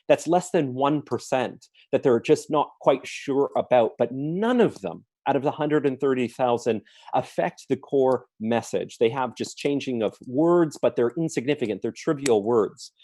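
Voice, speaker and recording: A man's voice: medium pitch, animated, moderate pace, warm tone, no room sound. A man giving an earnest apologetics talk at a church forum, listing his points one by one with emphasis. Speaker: apologetics speaker. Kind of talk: forum talk answering questions.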